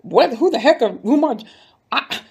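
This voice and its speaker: A woman's voice: sits high, expressive, normal speed, darkish tone, breathy edge. A woman giving a heated, indignant commentary, talking straight to her viewers. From North Philadelphia. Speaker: YouTube commentator. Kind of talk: casual commentary video.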